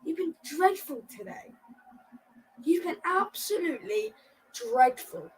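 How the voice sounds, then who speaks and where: A woman's voice: sits high, measured pace, slight background noise, poor audio. A young woman hosting a live football watchalong, reacting nervously and breaking into chants. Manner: excitable, nervous, swings between groans and singing.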